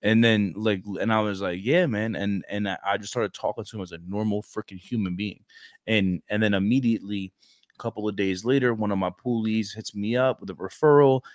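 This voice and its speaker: A young man from Brooklyn with a lowish voice, talking in a slangy, animated way. He hosts a casual podcast chat and keeps dropping "bro". The sound is close and dry, with no room around it. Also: a little fast, no echo. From Brooklyn, New York. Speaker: podcast host, recruiter.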